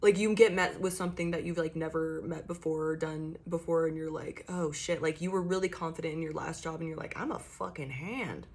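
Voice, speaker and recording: A woman's voice: deep voice, fairly even intonation, fast talker, hardly any pauses, a little mellow. A young woman giving a casual tarot reading, talking loosely and swearing freely as she acts out what her listeners might be thinking. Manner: loose, chatty and profane, acting out inner monologues. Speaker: tarot reader.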